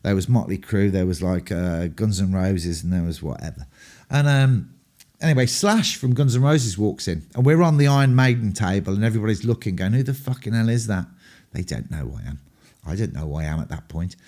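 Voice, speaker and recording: Warm-voiced English rock frontman, rambling. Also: low voice, a little fast. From England. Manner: rambling, profane, full of ums. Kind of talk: candid anecdotal storytelling.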